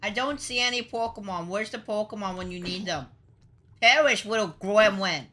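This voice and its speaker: A woman's voice: mid-range voice, a little fast, sharp tone, a little hiss or hum. A young woman streaming a game, talking to herself and her chat in a playful, mock-dramatic way, with sudden exclamations. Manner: talks to herself and chat while playing. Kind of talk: live gameplay commentary.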